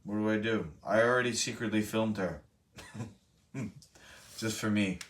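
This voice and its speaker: Picked up by a distant mic in a roomy space, a young man talks to his stream chat in a fairly low voice, a little slowly. His story wanders, swears freely, and keeps backtracking to correct itself.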